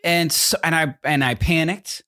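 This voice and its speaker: A man's voice: on the high side, normal speed, pushed and bright, dry recording, studio quality. A man in his thirties, co-hosting a podcast in casual chat, rambling through a story with many fillers and acted-out quotes. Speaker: podcast co-host.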